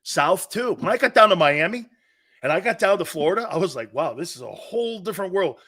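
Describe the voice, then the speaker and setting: A middle-aged man hosting a sports talk show, telling loud, swearing stories and acting out other people's voices. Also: high-pitched, expressive, a little fast, husky. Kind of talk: animated opinion monologue.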